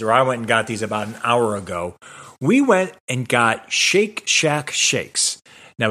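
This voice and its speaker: This is a man in his forties who co-hosts a casual chat show and tells stories with lively, swooping pitch. He talks loosely and swears without fuss. His voice sits at an ordinary middle pitch. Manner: animated storyteller, swears casually. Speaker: podcast co-host.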